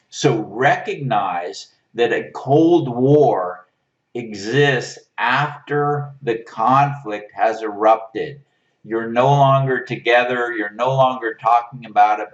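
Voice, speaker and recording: Man, relationship coach, slow deliberate teaching talk, distant roomy dull recording. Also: mid-range voice. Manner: unhurried, coaching, checks in with "right?".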